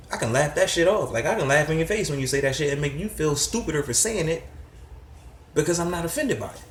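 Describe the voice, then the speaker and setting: A man's voice: fairly high pitch, echoey room, a little hiss or hum. Profane, heated middle-aged man ranting. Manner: profane, heated, rising to shouts of disbelief. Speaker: commentator. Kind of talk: ranting commentary.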